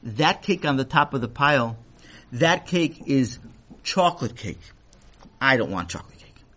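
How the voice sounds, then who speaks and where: A man's voice: medium pitch, expressive, moderate pace, a bit bright. A man voicing a polite, persistent young male Torah scholar in a children's story, with a coaxing, questioning manner.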